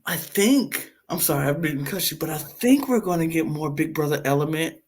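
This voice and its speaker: A man co-hosting a podcast, chatting casually about a reality show and acting out quotes with big swings and laughs. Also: normal speed. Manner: animated, acts out quotes with big pitch jumps and laughs. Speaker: podcast co-host. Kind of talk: casual reality TV recap chat.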